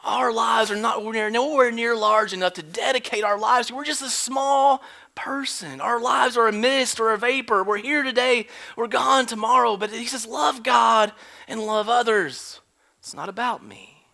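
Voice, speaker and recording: A man preaching a sermon as pastor, swinging between loud emphasis and hushed whispers, acting out quoted lines in character voices. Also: very high voice, moderate pace, creaky. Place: church sanctuary.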